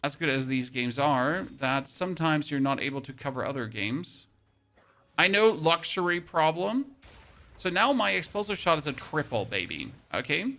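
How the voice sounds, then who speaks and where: A man's voice: fairly high pitch, big pitch swings, normal speed, creaky, bright, forceful tone. A man with a German accent giving chatty, self-mocking commentary while streaming a game. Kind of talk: casual gameplay commentary.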